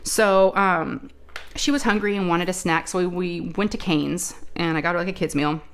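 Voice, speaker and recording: A woman's voice: fairly low pitch, normal speed, clear, resonant tone. A woman hosting a crafting channel, telling a family story in casual chat, chatty and full of asides. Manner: chatty, animated retelling with many asides and fillers.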